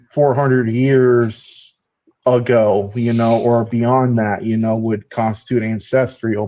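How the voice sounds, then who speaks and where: A man's voice: medium pitch, dark tone. Profane rambling man, dull lo-fi sound. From United States. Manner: profane, rambling, laughs often. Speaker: podcast host. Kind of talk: casual chat.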